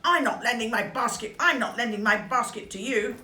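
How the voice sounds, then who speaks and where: A woman's voice: on the high side, a little fast, sharp tone, faint music behind. A woman voicing a rude, bossy young girl in a storybook, snappy and dismissive. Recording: echoey room.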